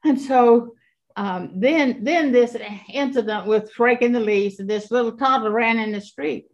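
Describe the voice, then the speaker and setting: A woman in her eighties giving an earnest faith testimony, halting often and repeating her words. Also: on the high side, darkish tone, highs cut off. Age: 80s. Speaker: guest.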